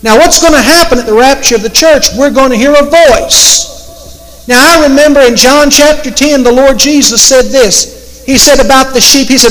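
A man preaching in a very high voice, drawing out his words slowly and with emphasis. He leans hard on the scripture he quotes. His voice rings through a hall with a long echo. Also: fairly bright tone. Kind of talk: sermon.

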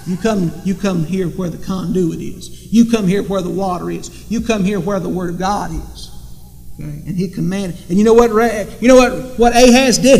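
High-voiced emphatic preacher, echoing hall. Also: male voice, normal speed, vocal fry, a little mellow. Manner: emphatic, repetitive preaching with rhetorical questions. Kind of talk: sermon. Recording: long reverb in a hall.

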